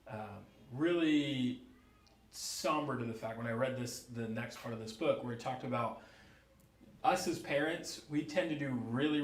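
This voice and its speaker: An earnest man from the United States reflects on a parenting book in a casual co-host discussion. His voice is mid-pitched and sits in a noticeably echoey room. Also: a bit bright. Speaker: podcast co-host.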